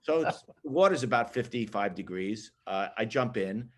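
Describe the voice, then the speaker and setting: A man, a photographer, telling a lively story about his assistant days in casual group chat over a video call. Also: fairly low pitch, normal speed. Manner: animated, lively storyteller who laughs at his own story.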